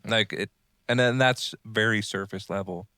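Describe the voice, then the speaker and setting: Animated jokey man on a podcast. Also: lowish voice, moderate pace, clean tone, dry recording, studio quality. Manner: animated, jokey, acts out quotes. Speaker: podcast co-host, martial arts instructor. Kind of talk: casual podcast chat.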